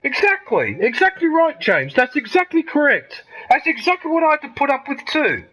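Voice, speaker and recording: A man's voice: very high voice, big pitch swings, moderate pace, pushed and bright, low-quality recording. A man, ranting heatedly and with lots of swearing during live gameplay commentary. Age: 50s. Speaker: gaming streamer.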